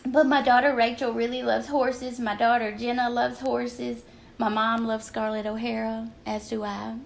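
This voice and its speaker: Older southern lady rambling on a craft stream, high voice with a gravelly edge. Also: little pitch movement, moderate pace, a little hiss or hum. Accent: Southern American. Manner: chatty and rambling, greets viewers by name. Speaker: craft livestream host. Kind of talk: casual livestream chat. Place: at home craft desk.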